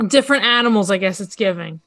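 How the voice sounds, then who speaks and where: A woman's voice: mid-range voice, expressive, fast talker, a bit bright, dry recording, faint music behind. A woman hosting a podcast, teasing her co-host and laughing often in casual chat.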